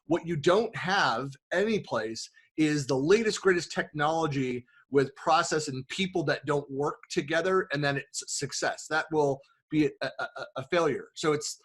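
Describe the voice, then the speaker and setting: A man hosts a casual conversational interview in a somewhat high voice. He speaks earnestly, stretching out key words to drive points home. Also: fairly bright tone, breathy edge. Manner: earnest, emphatic, slows down to stress points. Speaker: host.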